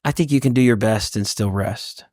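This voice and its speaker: A man, a pastor hosting a podcast, telling stories in an animated way and acting out the voices of others. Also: on the low side, moderate pace, dry recording, clean studio sound. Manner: animated storyteller who acts out voices. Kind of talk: casual conversational interview.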